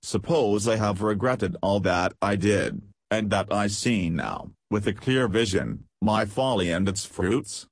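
A haughty young noblewoman from a storybook, speaking quickly and low with a pleading edge, as a man reads her part. The voice is husky and fairly low. It is recorded dry and close. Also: no room sound. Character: proud, beautiful young society woman.

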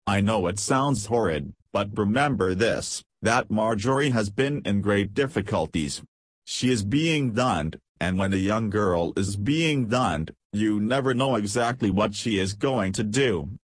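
A man's voice: fairly low pitch, measured pace, no echo. A man doing a silky, scheming society lady. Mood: coaxing. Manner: light, falsely sweet and insinuating. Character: scheming aristocratic lady, cool and malicious.

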